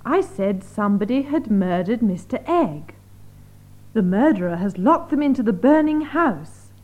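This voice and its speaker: Woman, grammar drill reader, clear and deliberate, fairly high lively voice. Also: poor audio. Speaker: exercise reader. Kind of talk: reading language-drill examples.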